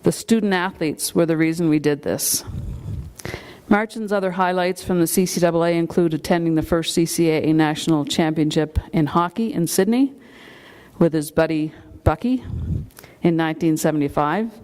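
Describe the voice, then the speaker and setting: A woman presenting a hall of fame inductee, reading a prepared introduction in a steady manner. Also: low-pitched, normal speed. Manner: steady, reads a prepared text. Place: banquet hall.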